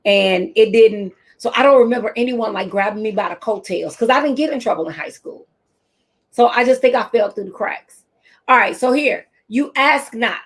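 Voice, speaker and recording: Lively woman teacher giving a talk. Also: on the high side, normal speed, husky. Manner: lively storytelling, repeats key phrases. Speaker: teacher and speaker.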